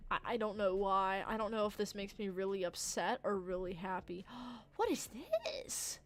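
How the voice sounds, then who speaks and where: A woman livestreamer chatting casually with her viewers late at night, rambling and easily distracted, with sudden loud bursts of excitement. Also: mid-range voice, fairly quick. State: tired from the late hour.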